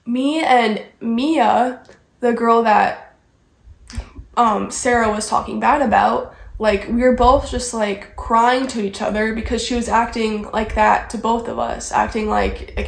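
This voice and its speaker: A young woman with a fairly high voice, rambling through a casual storytime and packing her sentences with filler words. Her retelling has an exasperated edge. The sound rings a little off the walls of an echoey room. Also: fairly even intonation, unhurried, vocal fry. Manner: rambling, frustrated retelling full of "like". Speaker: vlogger.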